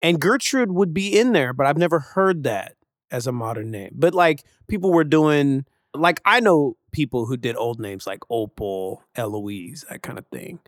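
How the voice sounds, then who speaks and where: A man co-hosting a casual podcast, blunt and quick to swear and laugh. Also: mid-range voice, lively intonation, no echo, studio quality. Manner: swears freely, laughs, blunt hot takes. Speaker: podcast co-host.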